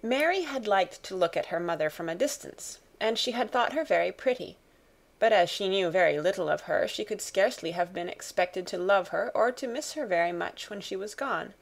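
A woman narrating a classic novel as an audiobook reader, in calm, even storytelling. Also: mid-range voice, normal speed, vocal fry.

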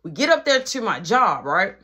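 A man telling a story from his life in a casual vlog, animated and full of slang, acting out every voice himself. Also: high voice, moderate pace, breathy edge.

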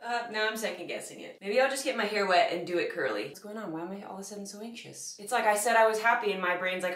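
A woman's voice: mid-range voice, lively intonation, fast, few pauses, fairly bright tone. A bubbly young woman talks to her camera at home, rambling and poking fun at herself. Her voice bounces around an echoey room, with faint music playing underneath. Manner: bubbly, self-mocking, rambling. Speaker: vlogger. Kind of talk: casual vlog monologue.

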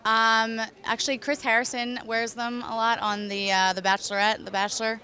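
Bright-voiced woman pitching a product. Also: level tone, moderate pace. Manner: friendly, many um fillers. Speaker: brand representative.

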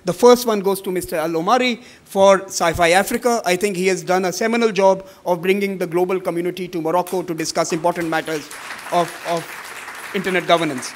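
Measured man at a conference podium. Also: sits high, steady tone, some chatter behind, a little hiss or hum. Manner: measured speaker with many "uh" fillers when he ad-libs. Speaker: conference chair giving welcome remarks. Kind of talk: formal welcome speech, partly read, partly ad-libbed.

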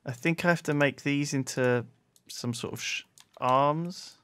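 A man's voice: fairly high pitch, a little slow, a bit bright, smooth, no echo. A man hosting a casual let's play, chatty and teasing as he talks through crafting steps. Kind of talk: casual gameplay commentary.

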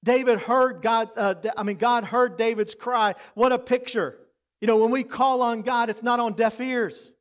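Мужчина средних лет, пастор, читает проповедь искренне, временами переходит на тихий, доверительный тон. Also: male voice, extremely high pitch, fairly even intonation, moderate pace. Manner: earnest, preacherly, drops to soft intimate tones for emphasis. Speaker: pastor. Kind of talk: sermon.

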